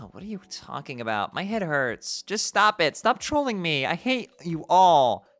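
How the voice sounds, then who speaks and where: Man voicing a fed-up teenage girl; whiny, jumpy pitch, lively swings. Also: normal speed. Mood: upset. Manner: exasperated, whiny. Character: frazzled, irritable teenage human girl. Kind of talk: reading a webcomic aloud.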